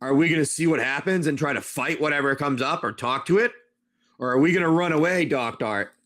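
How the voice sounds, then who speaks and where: A man's voice: on the high side, fairly quick, fairly bright tone. A man hosting a casual card-opening stream, chatty and rambling, reading card names and telling an adventure story. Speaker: livestream seller opening card packs.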